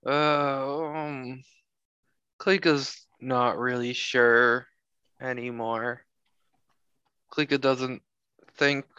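A man's voice: medium pitch, pushed and bright, clean tone, dry recording, muffled recording. A man playing in a tabletop game, chatting in an easygoing way. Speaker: player. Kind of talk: casual chat.

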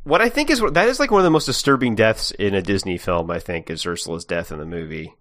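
A man's voice: deep voice, animated, fast, fairly bright tone. A man co-hosting a podcast, reacting with short replies and musing questions about the game. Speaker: podcast co-host. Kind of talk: casual chat reacting to a game recap.

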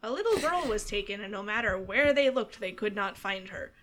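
A woman's voice: mid-range voice, expressive, brisk, a bit bright, natural voice. A woman voicing a storyteller who reads an old folk tale aloud in a theatrical story voice with a slipping accent. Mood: storytelling.

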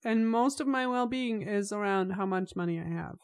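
A woman's voice: mid-range voice, normal speed, no room sound, clean studio sound. A woman co-hosting a podcast, chatting casually and giving blunt opinions. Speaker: podcast co-host. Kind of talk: casual chat.

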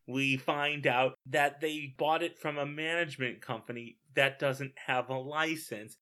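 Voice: mid-range voice, steady tone, measured pace, pushed and bright. A podcast co-host giving wry, opinionated commentary while recapping a film in casual chat.

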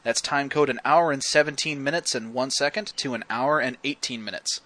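Wry male podcast host, sharp bright tone, dry close mic, chatty scene-by-scene recaps. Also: mid-range voice, no echo. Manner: wry, detailed, quick to quote scenes. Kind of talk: casual film breakdown chat.

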